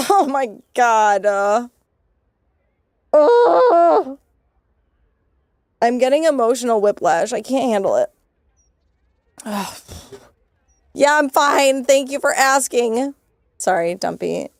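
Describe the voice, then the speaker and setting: A woman's voice: sits high, sing-song, slow pace, pauses often, no echo, studio quality. A young woman streaming a game, commenting casually, swearing, giggling, and getting emotional.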